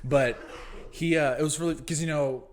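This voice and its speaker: A man's voice: fairly high pitch, steady tone, normal speed. A man co-hosting a podcast in casual chat, a loose storyteller who says "dude" and "like" a lot and swears freely. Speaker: podcast co-host.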